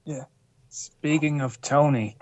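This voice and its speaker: A man's voice: a little high, slow. A man co-hosting a heated livestream show, crude and mocking.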